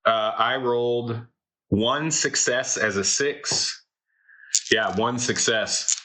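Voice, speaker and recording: A man's voice: mid-range voice, slow, bright, forceful tone, rough recording. A man running a tabletop game as game master, talking loosely with lots of fillers and the odd swear.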